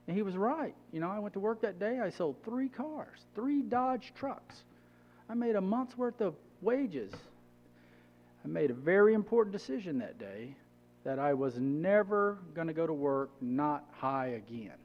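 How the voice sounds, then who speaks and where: A man's voice: high voice, very animated, a little slow, lo-fi sound. A middle-aged man giving a personal testimony as a church guest speaker, telling his story conversationally and acting out what others said. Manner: conversational, acts out quoted dialogue.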